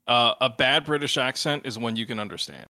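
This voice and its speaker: A man's voice: mid-range voice, brisk, pushed and bright, no room sound, studio quality. A man in casual podcast chat, teasing and opinionated, cracking jokes.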